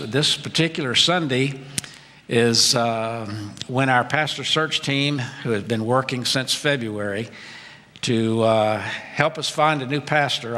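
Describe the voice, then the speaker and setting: Retiring pastor in a reverberant church. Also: male voice, mid-range voice, sharp tone. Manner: conversational, with frequent "uh" fillers. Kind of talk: sermon with scripture reading. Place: church sanctuary. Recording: long church hall reverb.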